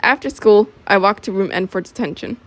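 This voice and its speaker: A woman's voice: mid-range voice, fairly quick. Teen girl, reads her own story aloud, loose and offhand, laughs at her own jokes. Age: teens. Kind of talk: casual amateur audiobook reading.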